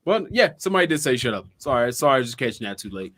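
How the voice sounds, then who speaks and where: Profane, animated podcast co-host man. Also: medium pitch, quick pace. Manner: profane, animated, acts out his own inner voice. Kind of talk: casual chat.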